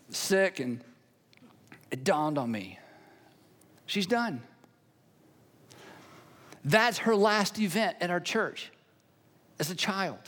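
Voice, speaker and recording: Middle-aged pastor, conversational sermon. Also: male voice, sits high, fairly bright tone. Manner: conversational storytelling, repeats phrases for emphasis. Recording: long hall reverb.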